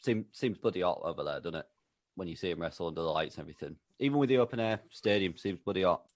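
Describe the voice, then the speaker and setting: A man's voice: low-pitched, lively intonation, quick pace, no echo. A man co-hosting a podcast, telling a chatty comic story full of tag questions. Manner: chatty, asking rhetorical tags. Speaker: podcast co-host. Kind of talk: casual comedic storytelling.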